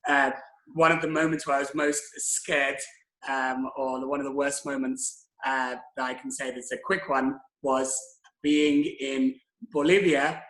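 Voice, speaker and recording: A young man telling travel stories as an interview guest on a video call, animated and self-mocking. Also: medium pitch. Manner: animated, self-mocking anecdotes with quoted exclamations. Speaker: interview guest, tour creator. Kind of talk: casual storytelling on a video call. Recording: roomy video call audio.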